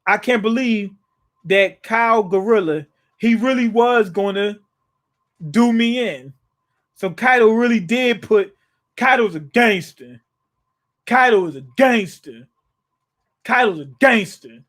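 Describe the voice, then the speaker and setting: High-voiced man reacting casually to a comic. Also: slow pace, long pauses, a bit bright. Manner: casual, slangy, paraphrases scenes in his own words; frequent restarts and chuckles. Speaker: manga reaction host. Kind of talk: live reaction, reading aloud and commenting.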